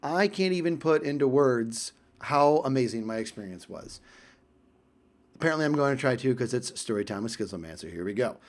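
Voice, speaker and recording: A man telling a story to camera in a casual vlog, chatty and animated, with frequent asides and fillers. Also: medium pitch, fairly quick.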